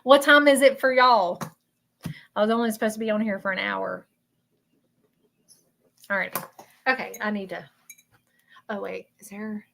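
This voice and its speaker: A woman with a Southern accent, a spiritual medium hosting a livestream, soft-spoken and apologetic, talking over a video call. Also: medium pitch, fairly even intonation, unhurried, creaky, long pauses, a little hiss or hum. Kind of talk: livestreamed reading and chat.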